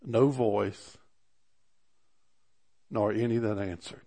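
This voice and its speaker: A man preaching a sermon, animated and rising in pitch for emphasis, often restarting his phrases. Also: slow. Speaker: pastor.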